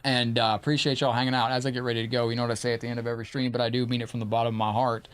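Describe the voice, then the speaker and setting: A man hosting a live gaming stream, chatting casually and excitably, praising his opponent and thanking viewers. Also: medium pitch, racing, clear, resonant tone. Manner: chatty and informal, often profane.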